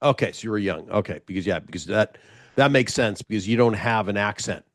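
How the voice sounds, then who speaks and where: A man's voice: lowish voice, brisk, fairly bright tone, dry recording, clean studio sound. A man hosting a podcast, asking casual interview questions, rambling and restarting his sentences along the way. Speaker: podcast host.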